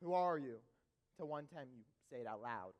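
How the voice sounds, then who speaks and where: A man's voice: mid-range voice, expressive, moderate pace, close to an everyday voice. A man playing a nervous, chatty theater fan who narrates with rambling asides to the audience in a stage musical. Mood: musing.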